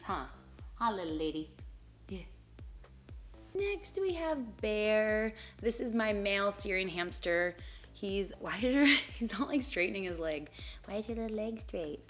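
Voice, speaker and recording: A woman's voice: lowish voice, a bit bright. A young woman vlogging about her pets at home, talking casually and slipping into baby talk with them. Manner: chatty, coos and baby-talks to her pets. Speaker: pet vlogger. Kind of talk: casual chat. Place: home, on the couch.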